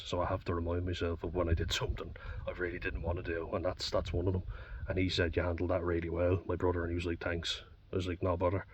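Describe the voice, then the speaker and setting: A man with an Irish accent talking bluntly and candidly, swearing often, in a personal reflective monologue. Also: sits low. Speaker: vlogger. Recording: dull distant mic with faint background noise.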